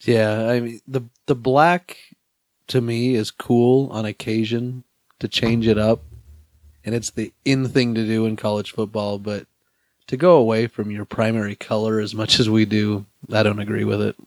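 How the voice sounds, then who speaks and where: A man co-hosting a casual sports talk show, agreeable and quick to laugh. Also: on the low side, flat delivery, darkish tone, no room sound. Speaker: co-host.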